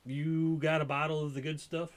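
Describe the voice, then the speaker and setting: A man's voice: on the high side, level tone, moderate pace, a little hiss or hum. A man running a tabletop game as game master, laid-back and full of fillers.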